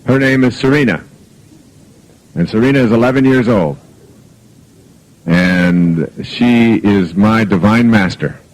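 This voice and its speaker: A man's voice: fairly low pitch, slow, long pauses, a little mellow, slight background noise, rough recording. A middle-aged man delivers a self-help talk to a live audience. He tells jokey personal anecdotes and acts out the lines of the people in them. The sound comes from an old archive recording.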